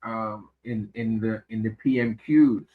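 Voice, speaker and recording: A man giving his views as a regular guest on a political chat show, speaking in a hesitant, measured way with many fillers and repeated words. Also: on the low side, fairly even intonation. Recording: tinny phone line.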